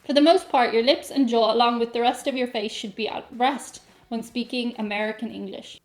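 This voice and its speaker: A woman's voice: fairly high pitch, steady tone, fairly quick. A woman with an Irish accent chatting playfully to camera as a vlogger, reading aloud and joking about herself. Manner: playful, self-mocking, reads aloud and riffs. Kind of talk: casual comedic chat to camera.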